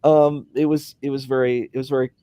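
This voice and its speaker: A man's voice: mid-range voice, little pitch movement, brisk, dark tone, clear, resonant tone, no echo. Rambling man with a dry sound. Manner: rambling storytelling full of fillers. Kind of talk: casual conversation. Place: hospital.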